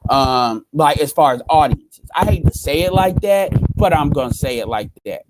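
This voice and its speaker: Guy ranting on his stream, swears a lot, says stuff over and over, kinda higher voice. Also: animated, moderate pace, very noisy. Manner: blunt, profane, repeats himself. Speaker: livestream host. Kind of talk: casual livestream talk.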